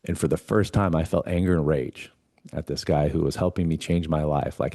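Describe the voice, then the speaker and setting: A man with a deep, rumbling voice speaks at a brisk clip, his tone warm and steady. As a guest on a talk show, he tells his story earnestly, performing both his own lines and a mentor's in quoted dialogue. The studio recording is clean, with no room sound.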